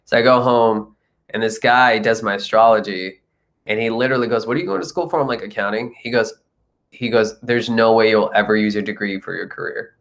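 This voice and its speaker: A man's voice: on the low side, fairly even intonation, fairly quick, fairly bright tone. A young man from India, a comedian and actor, telling his life story in a casual interview and acting out the people he quotes.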